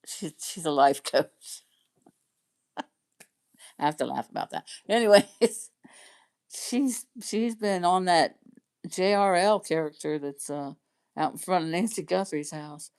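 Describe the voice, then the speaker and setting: A woman's voice: lowish voice, takes it slowly, long pauses, darkish tone, smooth. A middle-aged woman chatting casually on her livestream, rambling and laughing often. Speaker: livestream host chatting with viewers.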